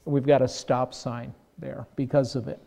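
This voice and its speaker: An older man, a pastor, preaching a sermon in a conversational, self-deprecating way, getting animated when he mimics people. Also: mid-range voice, normal speed, vocal fry.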